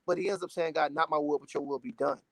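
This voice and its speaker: A man's voice: on the high side, fairly even intonation, fast talker, dry recording. A man in his twenties from Dallas, a gospel artist talking in a casual interview, earnest and emotional with lots of "you know"s. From Dallas, Texas. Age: 20s.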